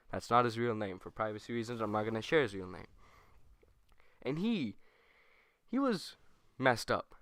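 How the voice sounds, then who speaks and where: Young male streamer, mid pitch, dry close mic, animated rambling storyteller. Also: smooth, no echo. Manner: rambling, animated, self-correcting, with quick put-on quotes. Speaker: gaming channel host. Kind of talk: casual storytime over gameplay.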